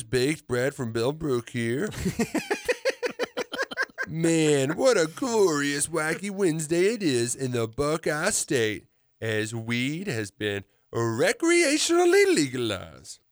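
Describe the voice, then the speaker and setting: A man putting on a slow, laid-back stoner voice to read a listener's text. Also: mid-range voice, no room sound, clean studio sound. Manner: slow drawling surfer-stoner talk.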